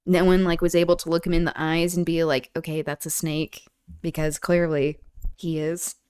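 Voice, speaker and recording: A woman's voice: fairly low pitch, level tone, normal speed, a little mellow, smooth, no echo, clean studio sound. Woman host, casual streamed book talk, blunt, irreverent, swears. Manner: irreverent, blunt, frequent fillers, swears freely. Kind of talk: casual reading and commentary on a livestream.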